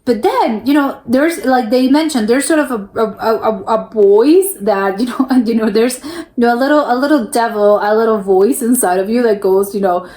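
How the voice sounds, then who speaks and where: Recorded in an echoey room, a young adult woman from the United States gives casual reaction commentary in a slightly high, mellow voice at a moderate pace. She's talkative, keeps restarting her sentences, and laughs a lot.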